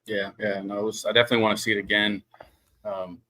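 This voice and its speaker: Low, bright-toned laid-back man. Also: little pitch movement, quick pace. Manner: laid-back, hesitant, many ums. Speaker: podcast co-host. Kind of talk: casual chat. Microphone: podcast mic.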